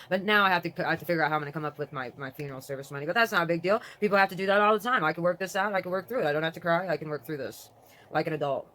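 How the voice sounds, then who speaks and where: Here a vlogger, an adult whose daughter is grown, talks informally while reading website text aloud. She rambles, interrupts herself, and shifts back and forth between excitement and mourning, all at a medium pitch.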